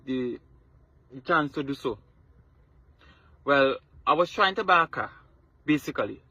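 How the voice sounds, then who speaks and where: Trini guy explaining what happened, keeps restarting, raspy, dead dry lo-fi sound. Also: mid-range voice, pushed and bright, dry recording. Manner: hesitant, repeats words. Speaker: TikTok influencer. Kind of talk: casual video account.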